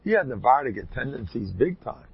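A man with a rough, gravelly, husky voice tells long rambling anecdotes and breaks into emphatic bursts. The sound is dry and close. It is a dull, lo-fi recording. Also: mid-range voice, very animated, a little fast. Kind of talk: casual spoken anecdotes.

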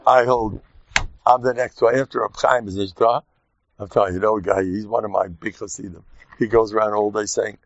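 A man giving an informal, joking Torah talk to his class, lively and animated. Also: on the low side, fairly quick, no room sound. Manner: animated, jokey, mixes Yiddish and Hebrew terms. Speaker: rabbi teaching a class. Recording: dull dry lo-fi sound.

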